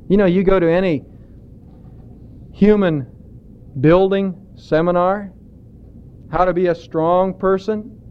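Man preaching, slow and deliberate, high smooth voice, dull lo-fi sound. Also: darkish tone. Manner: deliberate preaching with stretched emphatic words. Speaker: pastor. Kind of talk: sermon.

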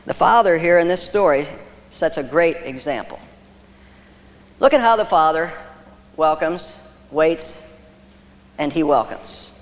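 A man preaching a sermon as pastor, emphatic, with pauses for effect. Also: a little high, expressive, in a large hall.

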